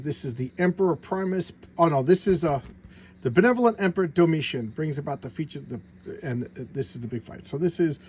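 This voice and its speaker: Mellow-voiced man rambling about comics. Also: fairly high pitch, a little hiss or hum. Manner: rambling, stumbling restarts, retells plots offhand. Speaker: comic book collector reviewing back issues. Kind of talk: casual spoken comic review.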